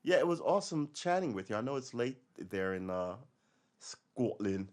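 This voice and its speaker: A man's voice: medium pitch, sing-song, normal speed, a little mellow. A man hosting a casual live-stream podcast, ranting in a rambling, wry way that wanders off on tangents. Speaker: podcast host.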